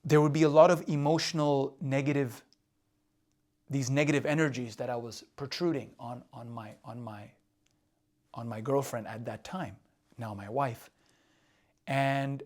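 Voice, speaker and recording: A man's voice: mid-range voice, steady tone, moderate pace, pauses often, darkish tone. A man coaching husbands in a candid, confessional way, often asking "right?" and repeating himself. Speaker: relationship coach. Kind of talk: casual advice talk. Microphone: drawing on a board while talking.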